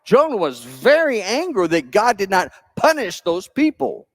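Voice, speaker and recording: A man pastor, telling a Bible story to children in church with lively, playful asides. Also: high-pitched, measured pace, no echo. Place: church sanctuary.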